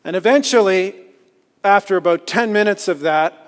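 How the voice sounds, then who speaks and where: Male speaker, slightly high voice, self-deprecating storyteller, long hall reverb. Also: moderate pace, smooth. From Canada. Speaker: conference speaker. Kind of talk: storytelling talk. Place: lecture hall.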